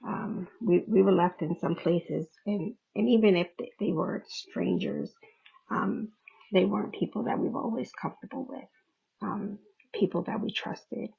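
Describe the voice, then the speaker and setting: A woman's voice: medium pitch, fairly even intonation, normal speed, gravelly, breathy edge. A middle-aged woman hosting a podcast, talking candidly about her own feelings, often laughing and swearing casually. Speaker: podcast host. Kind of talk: candid personal talk. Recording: dull lo-fi recording.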